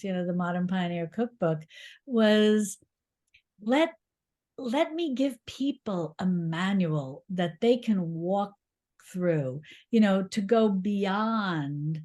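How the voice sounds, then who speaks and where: A middle-aged woman, a cookbook author, talking in an interview. She tells lively, encouraging stories and laughs often. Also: medium pitch. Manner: encouraging, reassuring. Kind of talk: conversational interview.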